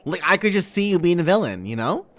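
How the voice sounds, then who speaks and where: A woman's voice: on the low side, big pitch swings, quick pace. Bubbly, playful young woman streamer. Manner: playful, bubbly, giggly, swearing. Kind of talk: casual live-stream chat while gaming.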